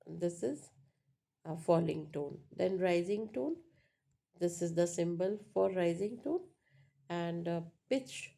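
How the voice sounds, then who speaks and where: A woman lecturing on English phonetics at an unhurried pace. Her voice is gravelly and mellow. She explains step by step, often pausing to ask "right?". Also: fairly low pitch. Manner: explanatory, frequent "right?" checks and fillers. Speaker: teacher.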